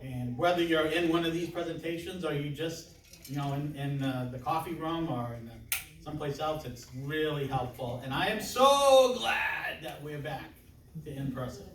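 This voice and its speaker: A man's voice: a little high, normal speed, a bit bright, slight background noise. A man in his sixties giving an interactive conference presentation, chatting and joking with the audience. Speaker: conference speaker. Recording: roomy hall from a distance with audience murmur.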